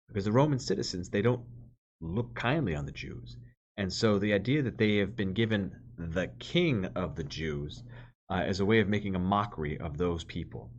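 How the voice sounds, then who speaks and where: Low-voiced man teaching scripture, lo-fi. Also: animated, moderate pace. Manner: earnest, explanatory, stresses key words. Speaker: priest leading a Bible study. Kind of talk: scripture reading with commentary. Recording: dull lo-fi recording.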